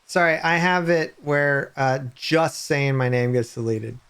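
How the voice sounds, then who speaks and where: A man live-streaming a game, rambling and hesitant, then bursting into excited high-pitched reactions. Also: unhurried, clear, resonant tone. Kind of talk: live gameplay stream chat.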